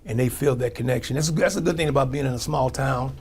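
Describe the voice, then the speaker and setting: Gravelly-voiced St. mayor talking casually. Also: male voice, medium pitch, fast talker, darkish tone, slight background noise. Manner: conversational, with frequent restarts and fillers. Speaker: mayor, guest. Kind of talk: casual interview answers.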